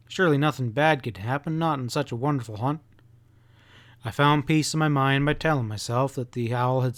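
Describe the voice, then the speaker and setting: A man narrating an audiobook in a steady, unhurried storytelling manner. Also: mid-range voice. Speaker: audiobook reader.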